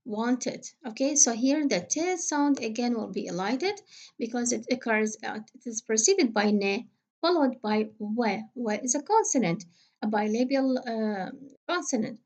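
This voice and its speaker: A woman with a somewhat high voice gives a recorded lesson on English pronunciation. She speaks patiently, with frequent fillers, and slowly repeats each example word. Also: expressive, a little mellow. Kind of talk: recorded phonetics lecture.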